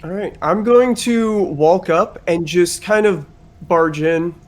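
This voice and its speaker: A man's voice: sits high, slow pace. A man playing a tabletop game, talking bluntly and arguing in character. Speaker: player. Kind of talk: casual tabletop game play.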